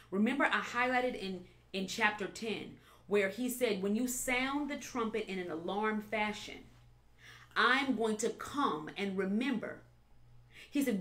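A woman pastor preaching a sermon with animated delivery, repeating phrases and building to emphatic peaks. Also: medium pitch, measured pace.

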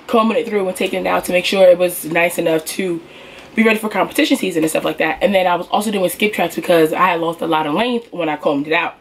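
Chatty young woman with a cold. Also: mid-range voice. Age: young adult. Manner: chatty, animated, addresses viewers as y'all. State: getting over a cold, coughing. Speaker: beauty vlogger. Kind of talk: casual story time.

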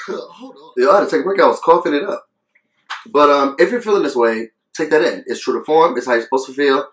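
A man's voice: fairly high pitch, fairly quick, reverberant, a little hiss or hum, poor audio. A man talking earnestly in a casual vlog review, coughing between phrases and repeating himself for emphasis. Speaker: video reviewer.

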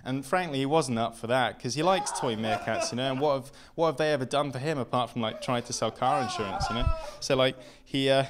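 A young man doing a stand-up comedy set as a story, camp and self-mocking, at times sinking into hushed deadpan narration. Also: mid-range voice, a little fast, hardly any pauses, heavy background noise.

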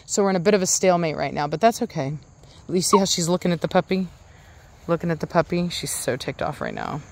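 A woman's voice: on the low side, sing-song, quick pace, gravelly. Rambling woman vlogger talking about her dogs. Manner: rambling with many restarts, coos at her dogs. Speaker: dog breeder and channel host. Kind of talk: casual vlog talk.

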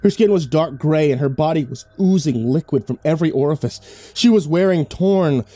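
A man's voice: a little high, mellow. A man narrating a first-person horror story in a dramatic, scripted storytelling style.

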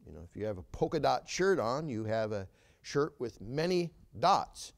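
A male pastor preaching a sermon in church, emphatic, with rhetorical questions and frequent filler pauses. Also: medium pitch, very animated, creaky. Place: church sanctuary.

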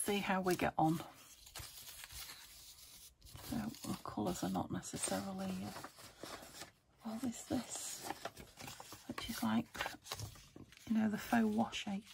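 A woman's voice: medium pitch, level tone, unhurried, creaky, pauses often, background noise. A British woman hosting a crafting video, chatting casually and muttering to herself as she works at her table, sometimes dropping to a whisper. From United Kingdom. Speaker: craft channel host.

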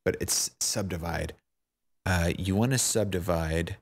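Man, low voice, unhurried, unscripted tutorial, muttering his way through problems and mocking himself. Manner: thinks aloud, fumbling and self-mocking. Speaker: tutorial maker. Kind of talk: unscripted screen-recorded tutorial.

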